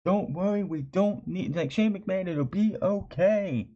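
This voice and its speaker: A man putting on a mocking, high, falsely cheerful voice for a sarcastic male wrestler in a dull, lo-fi recording. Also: unhurried, mellow. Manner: sarcastic, taunting.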